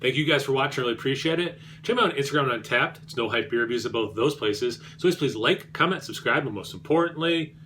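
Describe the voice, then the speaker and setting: A man's voice: medium pitch, quick pace, few pauses, pushed and bright, slight background noise. A man reviewing beer on his vlog, rambling and self-deprecating, with many fillers and restarts.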